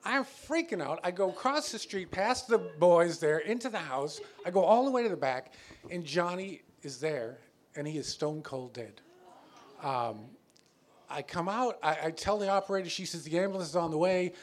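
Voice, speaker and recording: A man's voice: a little high, lively intonation. Man telling a story on stage. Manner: halting, stammering retelling with acted quotes. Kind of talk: live storytelling. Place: stage before a live audience.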